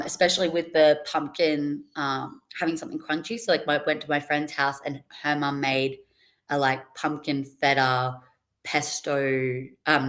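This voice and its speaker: Young woman guest, low voice, loose chatty storytelling with laughs. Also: a bit bright. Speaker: podcast guest. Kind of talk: casual interview chat.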